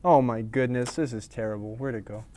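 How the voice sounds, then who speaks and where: A man fiddling with stubborn connector pins while he chats, his voice sitting in a mid-range pitch. He grumbles and makes dry jokes about himself as he works. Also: brisk, mellow. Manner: grumbling, self-deprecating about the repair. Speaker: pinball repair technician on a live stream. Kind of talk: casual live-stream chat while working.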